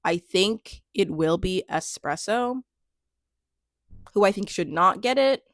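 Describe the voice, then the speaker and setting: A young woman talks through award picks in a loose, chatty vlog, often laughing and restarting her sentences. Her voice sits at a middle pitch for a woman. The sound is dry and close, with no room around it. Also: expressive, takes it slowly, a bit bright, dry recording. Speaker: music vlogger. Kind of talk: casual commentary vlog.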